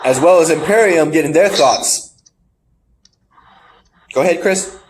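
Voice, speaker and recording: A man's voice: a little high, a little slow. A man hosting a casual wrestling review podcast, laughing often and acting out what people said. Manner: animated, laughs often, acts out quotes. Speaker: podcast host.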